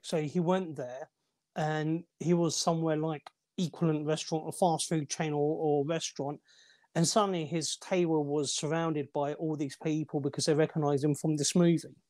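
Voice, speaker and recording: A man's voice: on the high side, steady tone, moderate pace, a little mellow. Man rambling through movie trivia. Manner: rambling trivia-sharing with fillers and restarts. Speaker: movie podcast co-host. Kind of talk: casual movie review chat.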